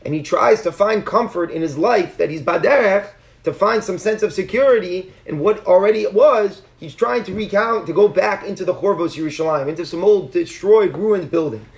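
High, gravelly-voiced man teaching Talmud. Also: moderate pace. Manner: earnest, explanatory, frequent restarts. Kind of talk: Talmud class lecture.

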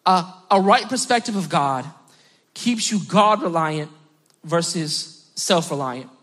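A man in his thirties preaches a church sermon with a high, husky voice. He speaks with raw passion and swells toward near-shouting when he presses a point. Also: lively intonation, slow pace. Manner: impassioned, building to near-shouting. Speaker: pastor. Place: church service.

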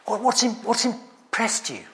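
A man preaches in a chatty, storytelling way, dropping in wry jokes at his own expense. His voice sits high for a man and swings widely in pitch as he talks. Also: big pitch swings, measured pace, bright, forceful tone. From England. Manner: chatty, anecdotal, self-deprecating humour. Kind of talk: sermon.

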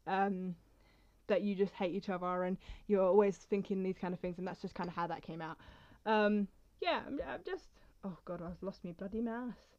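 A woman's voice: medium pitch, moderate pace, darkish tone, no echo, muffled recording. A woman vlogging casually in a chatty, rambling way, with apologetic asides, and reading her own poems aloud. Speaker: poetry vlogger.

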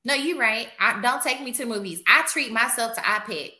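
A woman's voice: a little high, moderate pace, pushed and bright, echoey room. A woman guest on a casual podcast chat, sassy and emphatic.

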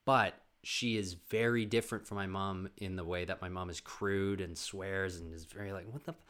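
A man hosting a podcast, telling family stories in a loose, rambling monologue. He swears freely and often restarts his sentences. His voice sits somewhat low but has a bright, forward edge. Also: steady tone, normal speed. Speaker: podcast host. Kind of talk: casual storytelling monologue.

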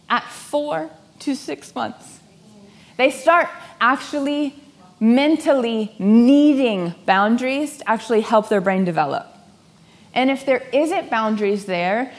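A woman giving a sermon-style talk, telling stories in an animated way and acting out voices for comic effect. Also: fairly high pitch. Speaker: speaker.

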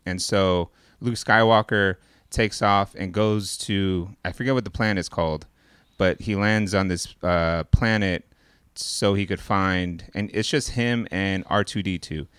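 A man's voice: low voice, steady tone, unhurried, a bit bright, smooth, no echo, clean studio sound. Rambling, profane man retelling a movie. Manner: rambling and profane, heavy on "like" and "uh", acts out characters' lines. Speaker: podcast co-host. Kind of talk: casual chat, retelling a movie plot.

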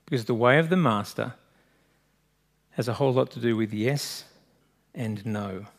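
A man's voice: medium pitch, normal speed. A male pastor giving a sermon, earnest and direct, putting questions to the congregation.

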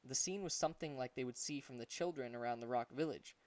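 A man reading an adventure audiobook, telling the story at a steady pace and voicing the characters. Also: mid-range voice, fast talker, recorded from a distance. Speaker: audiobook narrator.

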